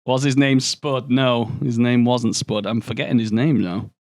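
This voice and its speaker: A man's voice: mid-range voice, fairly even intonation, moderate pace, a little mellow, dry recording, studio quality. Sweary young man streaming a game. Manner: sweary, joking banter. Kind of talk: casual gameplay commentary, chatting with viewers.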